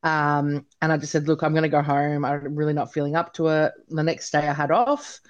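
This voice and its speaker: A woman's voice: low voice, fairly quick, highs cut off. Chatty woman guest telling her story. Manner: chatty, animated, many fillers like "like" and "you know". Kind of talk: casual interview storytelling.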